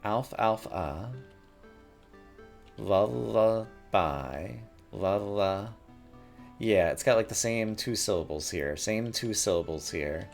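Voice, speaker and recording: A man's voice: on the low side, moderate pace, few pauses, soft background music. A man thinking aloud as he plays a word puzzle game, musing and muttering words over to himself at a desk mic. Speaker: gaming YouTuber.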